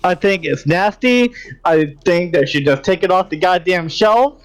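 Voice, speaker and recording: A man's voice: high voice, animated, a little slow, clear, resonant tone, dry recording, low-quality recording. A man co-hosting a podcast, ranting in an exasperated way, swearing and leaning on "like". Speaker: podcast co-host. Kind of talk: profane ranting podcast chat.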